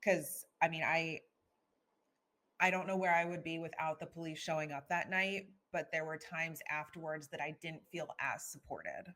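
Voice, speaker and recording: Low-voiced woman telling her story. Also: fairly even intonation, normal speed, a bit bright. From Philadelphia, USA. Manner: earnest, storytelling, frequent restarts. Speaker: guest author. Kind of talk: candid personal conversation.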